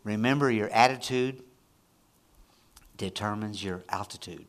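A man preaching a sermon, moving between quiet, low passages and loud, high-pitched, excited prayer. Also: unhurried. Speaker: pastor.

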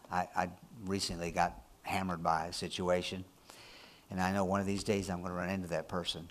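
Preacher man swinging from soft to loud. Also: slight background noise. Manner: swings from soft and low to loud, high, excited prayer. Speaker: pastor. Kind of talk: sermon.

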